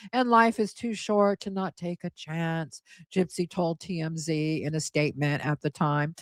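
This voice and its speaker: A woman in her forties with a high-sitting voice hosts a casual live stream with no echo. She's chatty and blunt, reading viewer comments aloud with scorn.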